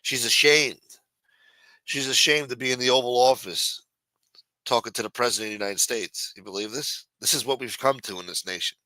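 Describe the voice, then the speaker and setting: A man's voice: mid-range voice, fairly quick, pushed and bright, dry recording, rough recording. A man hosting a livestream, with brash, profane, mocking news commentary. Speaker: livestream host. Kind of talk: casual news commentary on a stream. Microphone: streaming mic.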